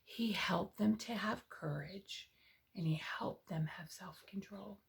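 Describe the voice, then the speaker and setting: A woman teaching preschoolers a Bible story and verse, speaking directly to the children in a sing-song, coaxing way and often dropping to a soft hush. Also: medium pitch, slow, vocal fry. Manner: drops to a soft hush for emphasis.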